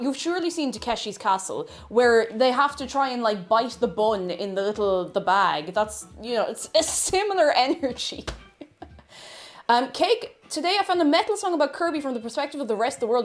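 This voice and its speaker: A woman with an Irish accent hosting a casual baking livestream, chatting and greeting viewers by name as she reads the chat. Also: sits high. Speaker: livestream host.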